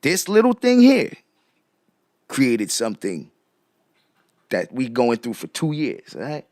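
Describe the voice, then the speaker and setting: Animated man posing rhetorical questions. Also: mid-range voice, slow, no echo. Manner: repeats rhetorical questions to viewers; shouts out chat viewers. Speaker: commentary streamer. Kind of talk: casual live commentary.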